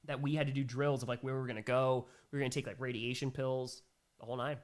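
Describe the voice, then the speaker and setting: A man's voice: medium pitch, flat delivery, fast. A young man hosting a casual livestream Q&A, reading viewer messages aloud and reacting emphatically. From New York. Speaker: livestream host.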